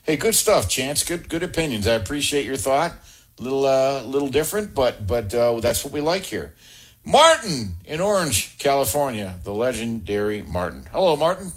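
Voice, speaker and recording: A man hosting a sports call-in radio show, affable and quick to react. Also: mid-range voice, very animated, breathy edge. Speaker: sports talk radio host.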